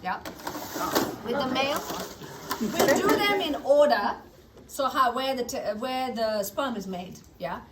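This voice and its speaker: A woman's voice: high voice, expressive, unhurried, background noise. A woman teaching a biology lab, drilling anatomy terms by repetition with short praise. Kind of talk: call-and-response anatomy review. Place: classroom lab. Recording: distant mic with classroom crowd.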